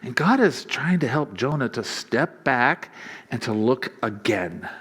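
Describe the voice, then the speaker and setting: Male pastor, mid-pitched voice, easygoing sermon delivery with frequent chuckles and acted-out quotes. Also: unhurried, slightly rough. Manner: conversational and humorous, chuckling often; acts out quoted lines in a lively voice.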